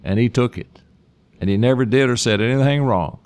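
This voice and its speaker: A man preaching a sermon, reading scripture aloud with folksy asides and slowing down, his voice rising, to stress key points. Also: a little mellow. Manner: emphatic, slows down and rises in pitch to stress points.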